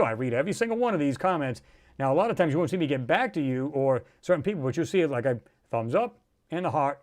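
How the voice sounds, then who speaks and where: A man's voice: on the high side, a little mellow. A middle-aged man hosting a casual livestream, talking in a rambling, emphatic way and acting out the people he quotes. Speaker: channel host.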